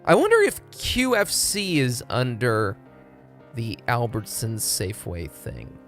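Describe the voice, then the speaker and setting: A man's voice: medium pitch, huge pitch swings, slow, fairly bright tone, faint music behind. A young man from Texas, chatting casually and profanely on a live stream. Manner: rambling, profane, laid-back.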